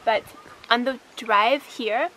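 A woman's voice: a little high, slow pace, very noisy. A woman talking casually to the camera as a travel vlogger, upbeat and chatty, recorded in a car and then outdoors. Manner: chatty, upbeat, frequent "like" fillers. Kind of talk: casual vlog narration to camera.

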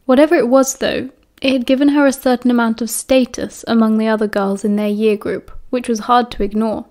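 A British woman narrating a novel audiobook in a steady, even reading voice. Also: on the high side, brisk.

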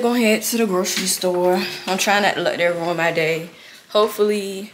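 A young woman chats with her viewers in a relaxed vlog, calling them y'all and telling them what she's up to. Her voice sits at an everyday middle pitch. Street and car noise runs clearly behind her. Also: normal speed. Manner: chatty, addresses viewers as y'all. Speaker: lifestyle vlogger. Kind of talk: casual vlog narration to viewers. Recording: noisy outdoor and car background.

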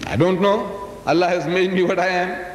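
A public speaker in his sixties from South Africa, with a South African accent, gives a live lecture in a large hall via PA microphone. His intonation is fairly even and his pace moderate, yet his voice booms as he teases the crowd and fires questions. The hall echoes, with faint background noise.

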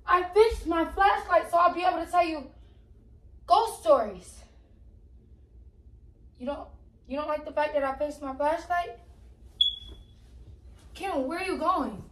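Woman vlogger, high voice, playful, teasing, hushed spooky storytelling, casual prank video. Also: animated, unhurried, long pauses, roomy sound, rough recording. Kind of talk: casual prank vlog chat.

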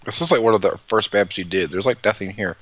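A man's voice: lowish voice, quick pace, muffled recording, crowd noise. A man playing in a tabletop game, casual, joking and profane. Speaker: player.

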